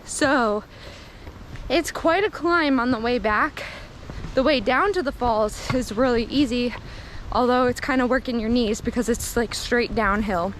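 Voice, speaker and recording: A chatty young woman with a mixed Minnesota and Southern accent and a slightly high voice talks to the camera on a forest trail. She laughs often, and a little outdoor noise sits faintly behind her. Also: measured pace, a bit bright. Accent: mix of Minnesota and Southern US. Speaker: hiking vlogger. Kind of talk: casual vlog chat on a trail.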